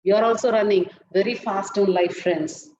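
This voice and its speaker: A woman's voice: mid-range voice, fairly even intonation, darkish tone, a little hiss or hum. Earnest woman, muffled webinar audio. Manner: earnest, deliberate, emphatic delivery. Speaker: webinar speaker. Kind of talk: motivational talk with storytelling.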